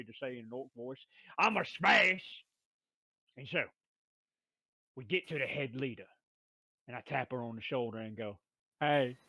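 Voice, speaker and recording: A man recapping a tabletop game session in a playful, rough-talking manner, full of slang and asides. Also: medium pitch, sharp tone, no room sound. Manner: playful rough-talking brute drawl, "me brother", "we was".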